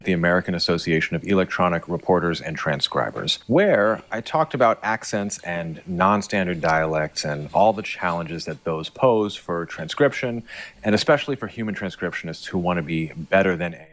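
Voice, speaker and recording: A man's voice: low voice, animated, moderate pace, a bit bright. A man presenting a scripted explainer video as a linguist, confident and articulate with a teasing edge.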